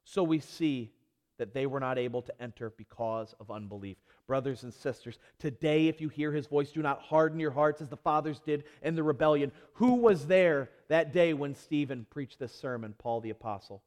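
A man's voice: on the high side, normal speed, a little mellow. A male pastor preaching a sermon with impassioned, repetitive emphasis, then leading a prayer. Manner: impassioned, repeating phrases, building to emphatic peaks. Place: church sanctuary. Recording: long hall reverb.

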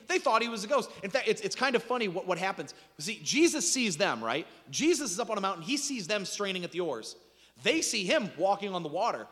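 A man preaching a sermon in an animated storytelling manner, with dramatic swings in pitch and loudness. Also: moderate pace, big-room sound. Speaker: pastor.

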